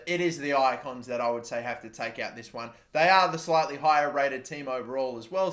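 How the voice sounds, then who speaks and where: Excitable young man commentating his own gameplay. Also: fairly high pitch. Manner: excitable, swears a lot, shouts at players. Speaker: gaming YouTuber.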